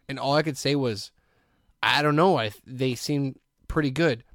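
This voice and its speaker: A man from co-hosting a podcast, telling stories in a casual chat and sinking into low, quiet deadpan asides. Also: moderate pace, dry recording, studio quality. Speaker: podcast co-host.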